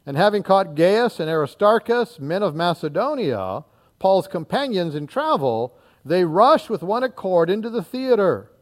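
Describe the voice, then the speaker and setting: Man, high voice, preacher, reads scripture aloud, animated, acts out the crowd, quiet asides. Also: moderate pace. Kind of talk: expository sermon reading scripture.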